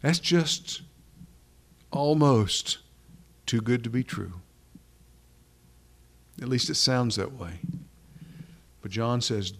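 A man preaching an earnest sermon to a small evening gathering, with measured, drawn-out emphasis and a closing prayer. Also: mid-range voice, lively intonation.

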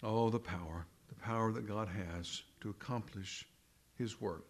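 A man preaching a sermon, slow and deliberate, repeating phrases for emphasis and addressing the congregation as brethren. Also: lowish voice. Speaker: pastor.

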